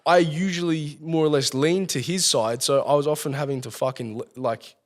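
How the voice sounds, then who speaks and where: A man's voice: a little high, steady tone, normal speed. Swearing Australian man spinning a yarn. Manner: swears constantly, rambling storytelling. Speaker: podcast guest. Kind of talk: casual storytelling. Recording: long hall reverb.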